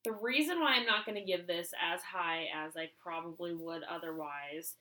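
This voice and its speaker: Blunt woman with a bright voice. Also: on the low side, normal speed. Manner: blunt and frank, swears casually. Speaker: podcast co-host. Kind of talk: casual movie review chat.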